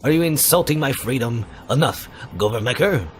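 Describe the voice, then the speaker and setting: A man's voice: medium pitch, expressive, a little fast, faint music behind, natural voice. A man voicing a brash, blustering male president in a visual novel. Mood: indignant.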